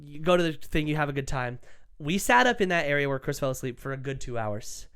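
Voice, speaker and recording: A man's voice: a little high, lively intonation, fast, fairly bright tone, smooth. A young man co-hosting a podcast, telling a story in casual chat, acting out quoted voices and laughing often. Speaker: podcast co-host.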